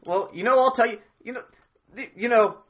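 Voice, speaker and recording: Bright, stammering comic podcast man. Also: extremely high pitch. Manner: stammering, halting with many restarts. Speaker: podcast co-host in mock debate. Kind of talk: improvised comedy banter.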